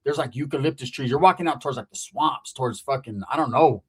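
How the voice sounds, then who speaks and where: A man in his forties from California telling a comedic story, profane and animated, acting out the people in it. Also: medium pitch, fast talker, breathy edge. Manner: profane, animated, acts out voices.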